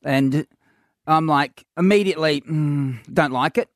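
Middle-aged Australian male host, slightly higher voice, dry close mic, animated storyteller. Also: a little slow, no echo. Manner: animated anecdote telling with laughs and acted quotes. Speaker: radio comedy host. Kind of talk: casual storytelling chat.

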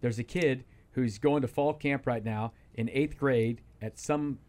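Male sports radio regular, mid-pitched, rambling and emphatic, studio. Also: measured pace, darkish tone. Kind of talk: casual sports talk.

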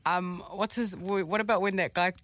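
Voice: mid-range voice, fairly even intonation, moderate pace, a bit bright, dry recording. A co-host on a casual morning radio show, teasing and laughing often.

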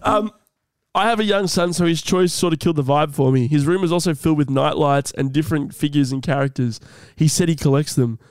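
A man's voice: a little high, fairly quick, clear, resonant tone, no room sound. A young man co-hosting a comedy podcast, reading out a listener's letter with jokey asides. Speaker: podcast co-host. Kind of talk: casual comedy podcast chat.

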